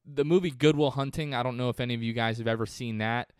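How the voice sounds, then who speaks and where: A man's voice: medium pitch, steady tone, quick pace, smooth, dry recording, studio quality. A man hosting a sports podcast, talking through a game in a casual, conversational way that wanders off on tangents. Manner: conversational, digressive. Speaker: podcast host.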